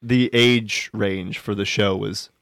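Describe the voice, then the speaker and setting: A man's voice: fairly low pitch, steady tone, takes it slowly, a bit bright, clean tone. A man, a podcast guest and actor, telling a rambling comic story in casual chat.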